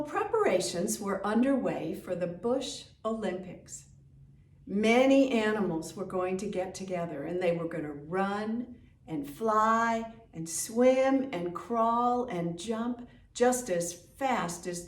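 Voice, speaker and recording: Woman, storyteller, expressive children's book reading, echoey room, distant mic. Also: medium pitch. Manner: gentle and expressive, inviting listeners to join in.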